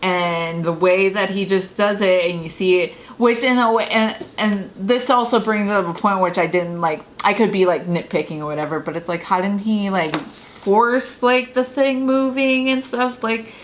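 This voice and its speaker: A woman co-hosting a casual film discussion, talking in a rambling, excitable way with lots of restarts and "like". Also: mid-range voice, normal speed, slight background noise. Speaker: podcast co-host.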